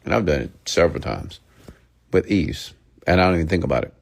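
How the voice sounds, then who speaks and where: A man giving a blunt, lecturing motivational monologue, sometimes dropping to a hushed near-whisper. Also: deep voice, lively intonation, fairly quick, vocal fry. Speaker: motivational speaker.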